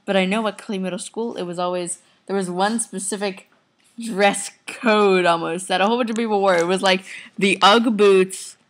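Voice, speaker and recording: Speaking at medium pitch with fairly even intonation and a fairly quick pace, the teenage girl rambles to her webcam from the couch at home. Her casual video reply is giggly and addressed both to viewers and to family off camera.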